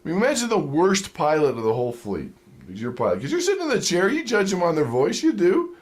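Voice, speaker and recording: A man's voice: a little high, fast. A man giving a sales training lecture, telling stories and acting out quotes with chuckles. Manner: animated storytelling with acted-out quotes and chuckles. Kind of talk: lively seminar lecture.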